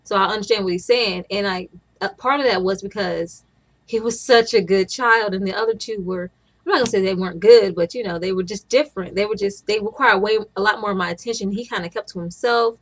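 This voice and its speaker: A woman's voice: mid-range voice, brisk. A young woman, a stay-at-home mom, chatting casually to camera in a rambling way, often restarting her sentences.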